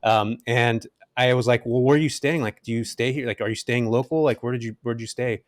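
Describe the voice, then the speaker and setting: Fast-talking, animated middle-aged man. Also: medium pitch, dry recording, studio quality. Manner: animated, casual, many fillers like "man". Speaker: guest, rental investor. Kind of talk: energetic storytelling interview.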